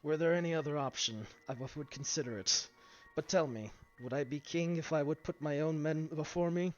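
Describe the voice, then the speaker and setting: A man's voice: a little high, a little fast, close to an everyday voice. A man voicing a noble, self-sacrificing knight leader in a lion-pelt robe, speaking in solemn, formal tones. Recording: dull lo-fi stream, faint music.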